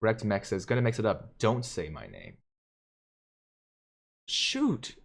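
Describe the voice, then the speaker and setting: A man's voice: fairly low pitch, huge pitch swings, moderate pace, gravelly. A man hosting a live stream, casually reading viewer comments aloud and joking, with frequent chuckles. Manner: jokey, chuckles often between comments. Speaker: livestream host.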